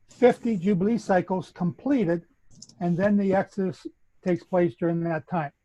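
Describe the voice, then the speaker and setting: A man's voice: high voice, darkish tone, highs cut off. A man with a Canadian accent, methodically explaining a bible chronology as a guest speaker. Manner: methodical, lecturing.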